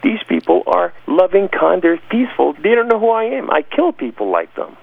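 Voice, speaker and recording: A man's voice: high-pitched, big pitch swings, moderate pace, gravelly, dry recording. A man giving an emphatic, dramatic personal testimony as an interview guest. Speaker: guest telling his testimony. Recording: dry, phone-like lo-fi sound.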